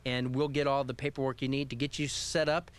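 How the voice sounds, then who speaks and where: A man's voice: mid-range voice, little pitch movement, fairly quick, smooth. A man hosting a live call-in radio show, upbeat and joking as he reads a listener email and talks to a caller. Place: radio studio.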